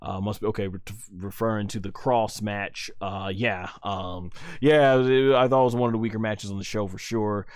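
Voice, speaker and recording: Low-voiced man rambling on a live stream. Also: fairly even intonation, normal speed, hardly any pauses, clear, resonant tone, dry recording, studio quality. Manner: rambling and flustered, many fillers and restarts. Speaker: live stream host reviewing wrestling. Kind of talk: casual live stream chat.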